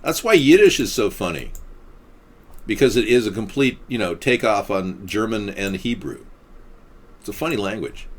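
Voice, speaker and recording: A man's voice: lowish voice, moderate pace. A man hosting a casual political chat show, rambling and sarcastic. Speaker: host.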